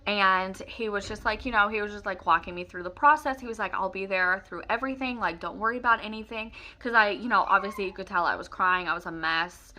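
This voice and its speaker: A young woman talks to the camera in a bright, lively voice, recalling her story with a lot of feeling. She rambles, restarts and fills pauses with "um" and "like", so the telling sounds unscripted and personal. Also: mid-range voice, slight background noise. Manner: emotional, rambling with many fillers.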